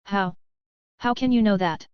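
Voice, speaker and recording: A woman voicing a half-mad escaped male prisoner who yells in fury. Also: medium pitch, unhurried, clean tone, no room sound, lo-fi sound, lightly acted. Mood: shaken. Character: wild-eyed escaped male prisoner, furious.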